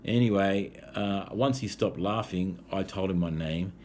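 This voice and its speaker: A man's voice: low-pitched, unhurried, darkish tone, slight background noise. An Australian man, an English teacher, telling a true travel story to learners in an easygoing way with frequent filler sounds. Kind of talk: casual storytelling for language learners.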